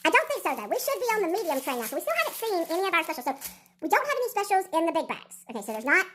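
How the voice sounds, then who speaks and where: A woman's voice: very high voice, big pitch swings, rapid-fire, fairly bright tone, a little hiss or hum. A woman chatting and counting aloud as she unboxes a craft kit, her voice sped up into chipmunk playback. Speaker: diamond painting vlogger. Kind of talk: casual unboxing chat.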